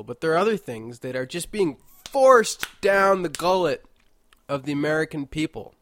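A man's voice: medium pitch, a bit bright, no room sound. A congested man hosting a casual solo monologue, rambling and jokey with mock-indignant asides, indoors at home. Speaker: podcast host.

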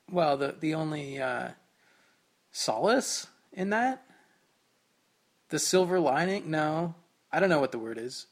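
This man's voice sits fairly high and sounds a little bright. He's hosting a solo podcast from his home kitchen, rambling casually and poking fun at himself.

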